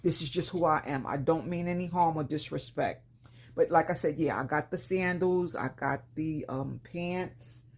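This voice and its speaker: Her voice sits low and a little mellow, yet rough and slightly raspy, with a Brooklyn accent and some slight background noise. She's a fifty-something lifestyle vlogger from Brooklyn, New York, casually walking viewers through a shopping haul in plain, slangy language.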